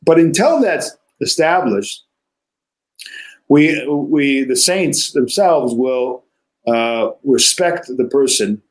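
A man, a priest, giving a church history lecture in a deliberate way, often pausing on fillers and correcting himself mid-phrase. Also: mid-range voice, animated, low-quality recording. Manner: deliberate, frequent filler pauses and self-corrections.

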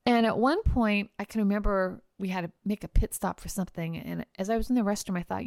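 A woman hosting a podcast, telling a personal travel story in a chatty, animated way with casual fillers. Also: mid-range voice, quick pace, creaky, hardly any pauses, dry recording, clean studio sound. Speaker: podcast host and trial lawyer.

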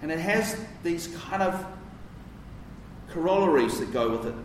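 A man's voice: a little high, animated, normal speed, a little hiss or hum. A man preaching a sermon in a conversational, emphatic way, with casual asides. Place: church. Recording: roomy echo from a distance.

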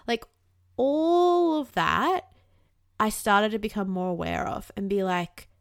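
A woman's voice: medium pitch, sing-song, takes it slowly, smooth, no room sound, studio quality. A woman in her thirties hosting a casual self-help podcast, talking candidly and animatedly and swearing freely. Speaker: podcast host.

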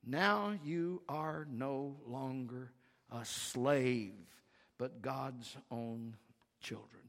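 A man preaching a sermon as pastor, slow and emphatic, building to loud calls for the congregation to repeat after him. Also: mid-range voice. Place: church sanctuary. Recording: reverberant church hall, faint guitar behind.

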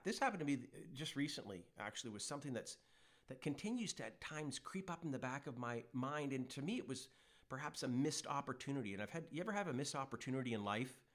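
A male pastor delivering a conversational sermon that builds to emphatic, animated bursts when he voices God. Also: medium pitch. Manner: conversational preaching, rising to emphatic peaks when quoting God.

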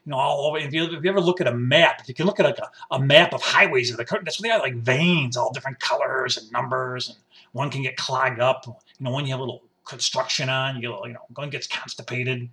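A man delivering a rambling, wisecracking comedic monologue, swinging from loud points to muttered asides. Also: medium pitch, fast. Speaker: commentator.

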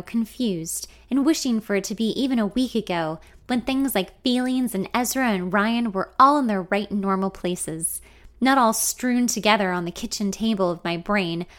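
A woman reading a first-person audiobook story in an intimate, wry, confiding voice. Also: mid-range voice. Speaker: narrator.

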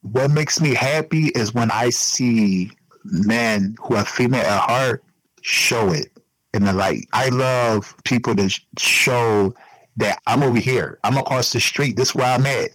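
A man's voice: mid-range voice, measured pace, a bit bright, no room sound, poor audio. A man giving an emotional personal interview, talking earnestly and repeating himself for emphasis.

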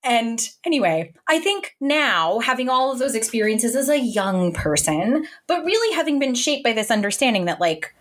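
A woman's voice: on the high side, normal speed, few pauses. A woman in her forties co-hosting a podcast, telling stories animatedly in casual chat with lots of "like". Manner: animated storytelling, frequent "like". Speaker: podcast co-host.

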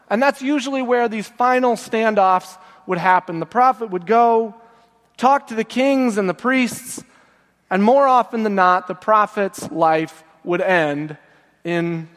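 High-voiced pastor preaching in a reverberant hall. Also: male voice, lively intonation, fairly bright tone. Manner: slows and drops low at phrase ends; emotive scripture reading. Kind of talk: sermon. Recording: long church reverb.

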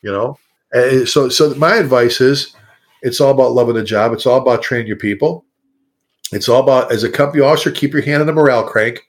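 A man who is a fire chief, giving leadership advice in a podcast interview. He talks in an animated, repetitive way and addresses listeners directly. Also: medium pitch, fairly quick.

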